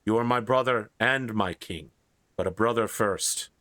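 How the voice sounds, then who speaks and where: A man's voice: on the low side, unhurried, fairly bright tone, dry recording. A man voicing a pompous, proud young knight who is the king's foster brother.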